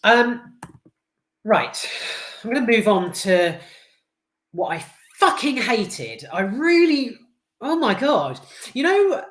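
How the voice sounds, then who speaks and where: A woman's voice: a little high, sing-song, takes it slowly, long pauses, echoey room. A British woman giving a casual, blunt film review, full of swearing, restarts and fillers.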